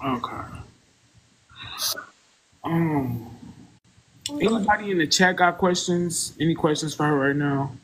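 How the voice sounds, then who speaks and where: A man hosting a casual live stream, talking loosely with many fillers and pauses. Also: a little high, a little hiss or hum, rough recording. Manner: loose, halting, full of fillers.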